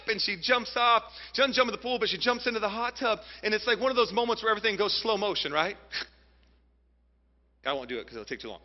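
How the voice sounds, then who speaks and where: A man in his thirties preaching a sermon, telling a personal story in an animated way and speaking straight to his audience. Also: sits high, fast. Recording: muffled, reverberant hall sound.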